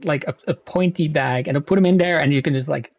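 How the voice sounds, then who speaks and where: A man's voice: fairly high pitch, fast talker, gravelly, darkish tone, no room sound, dull audio. Man eagerly chatting in a dry sound. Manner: enthusiastic, repeats words as he talks. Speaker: guest streamer. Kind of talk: casual interview chat.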